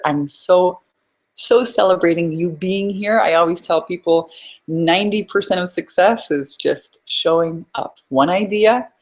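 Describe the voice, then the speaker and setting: A woman business coach hosting a live webinar, effusive and upbeat, chatting with her audience as she teaches. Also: on the low side.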